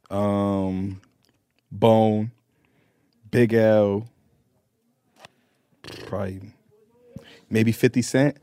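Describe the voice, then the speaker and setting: A man's voice: lowish voice, darkish tone, no room sound. Laid-back, hesitant man as podcast guest. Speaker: guest rapper. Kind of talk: casual podcast interview.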